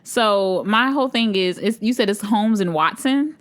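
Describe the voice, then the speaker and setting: Woman co-host, giggly and playful, lively swinging intonation. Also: mid-range voice, normal speed. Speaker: podcast co-host. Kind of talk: casual chat.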